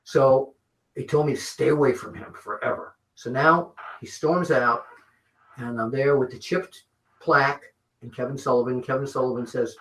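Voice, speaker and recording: An older man, an interview guest, telling wrestling stories in an animated way and swearing freely. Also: mid-range voice, moderate pace. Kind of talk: shoot interview storytelling. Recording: roomy echo.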